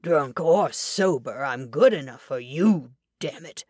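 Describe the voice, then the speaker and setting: A woman's voice: deep voice, lively intonation, slow pace, a little mellow, no room sound, studio quality, full character voice. A woman reading an audiobook, voicing a drunk, belligerent frontier horseman with a thick, coarse, threatening manner. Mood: snarling. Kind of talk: audiobook character voice.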